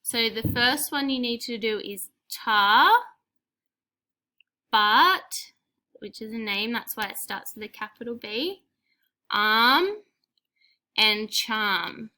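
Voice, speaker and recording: A young woman teaching spelling to small children, talking slowly and clearly. Her voice is bright and sits fairly high, full of praise and gentle prompts. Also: lively intonation. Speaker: primary school teacher.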